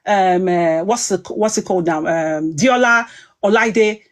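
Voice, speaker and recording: A woman's voice: mid-range voice, measured pace. A woman talking heatedly on a livestream, emphatic and rambling as she goes. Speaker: online commentator.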